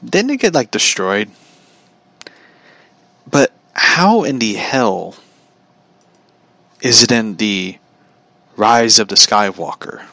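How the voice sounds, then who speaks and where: A man's voice: lowish voice, lively intonation, slow pace, gravelly, long pauses, bright, forceful tone, no room sound. A man telling a story in a casual, opinionated rant, swearing freely and laughing at his own anecdote.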